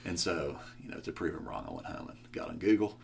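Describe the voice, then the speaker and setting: A young man as a podcast guest, talking about faith in a casual chat, with animated, joking storytelling. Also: low voice, fast talker, gravelly, slight background noise. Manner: animated storytelling, jokey asides.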